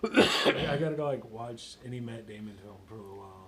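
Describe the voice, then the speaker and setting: A man talking as a guest in a casual chat, rambling and profane, trailing off quietly. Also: mid-range voice, racing, crowd noise.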